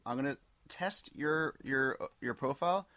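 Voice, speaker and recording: A man's voice: mid-range voice, measured pace, bright, forceful tone, no echo. A man co-hosting a casual comedy chat, teasing and swearing freely. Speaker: podcast co-host.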